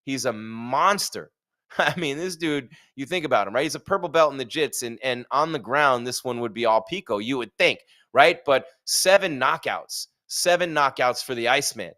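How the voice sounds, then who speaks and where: A man's voice: mid-range voice, animated, normal speed, sharp tone. A man hosting a live fight stream, chatting casually with jokes and rhetorical questions. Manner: reads sponsor ad.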